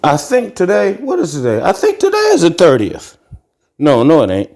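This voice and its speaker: A middle-aged man from Ohio rants as a podcast host, blunt and full of profanity. His voice sits slightly high for a man and swings widely in pitch as he gets worked up. He talks while walking around his carpeted apartment. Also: normal speed. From Akron, Ohio. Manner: animated ranting, profane and blunt. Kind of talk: casual monologue vlog. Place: carpeted apartment living room, walking into tiled kitchen.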